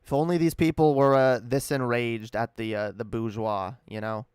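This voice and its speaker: Smooth-voiced man doing profane reaction commentary. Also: mid-range voice, fairly even intonation, moderate pace, a little mellow, dry recording, clean studio sound. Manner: profane, incredulous, rambling. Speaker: commentary streamer.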